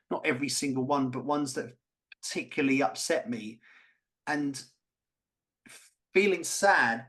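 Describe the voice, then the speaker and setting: A man's voice: on the high side, fairly bright tone. A man co-hosting a podcast, talking candidly and passionately, swearing freely. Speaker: podcast co-host. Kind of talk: candid conversational chat.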